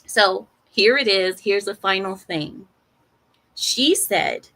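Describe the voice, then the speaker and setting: Expressive woman telling a storytime. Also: medium pitch, takes it slowly. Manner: expressive, acts out the other people's lines in quoted voices. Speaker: vlogger telling a personal story. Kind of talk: animated storytime monologue.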